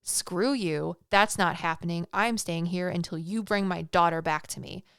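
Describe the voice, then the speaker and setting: Woman playing a furious mother goddess, snappy, defiant, crisp clear voice, storytelling podcast. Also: on the low side, moderate pace, fairly bright tone, no room sound, studio quality. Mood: angry.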